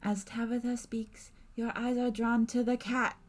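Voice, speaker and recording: A woman streamer reading a spooky game's narration aloud in a measured, softly dramatic way. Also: fairly high pitch, little pitch movement.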